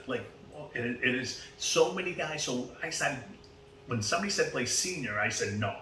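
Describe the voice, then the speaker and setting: At a normal speed and in a mid-range voice, a podcast guest in his fifties with a Boston accent tells long casual stories, animatedly acting out quoted exchanges. The sound is roomy, from a distant mic, with faint background noise.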